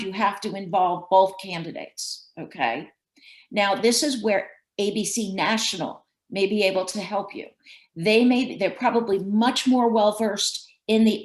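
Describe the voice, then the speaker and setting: A woman's voice: mid-range voice, roomy sound, rough recording. A woman presenter giving advice on a webinar, checking in often with "okay?". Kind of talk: advising in a video call.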